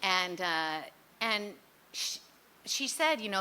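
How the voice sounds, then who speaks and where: A woman's voice: medium pitch, expressive, takes it slowly, pauses often, pushed and bright, smooth. A woman telling her own recovery story at a meeting, candid and rambling, mocking herself and leaning on "you know" and "like". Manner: frequent fillers like "you know" and "like". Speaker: speaker sharing at a recovery meeting.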